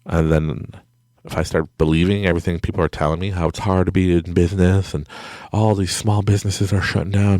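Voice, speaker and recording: At night from his home, a middle-aged podcast host delivers a rambling motivational talk, poking fun at himself and laughing a lot. He has a deep, darkish voice with little pitch movement and a fairly quick pace, in clean studio sound without echo.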